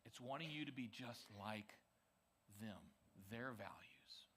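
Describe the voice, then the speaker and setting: A man giving a lively youth sermon in a church service, his voice bright and forward. He keeps it conversational and checks in with the room often. His pitch sits in a middle register. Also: measured pace, slight background noise. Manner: energetic, conversational, frequent "okay?" check-ins. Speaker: youth pastor.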